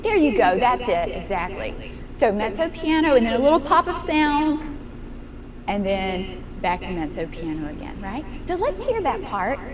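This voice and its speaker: A woman's voice: on the high side, sing-song, moderate pace, a crowd in the background. A woman piano teacher coaching a young student in a master class, encouraging and asking guiding questions. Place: room with a piano. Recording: piano music in the room.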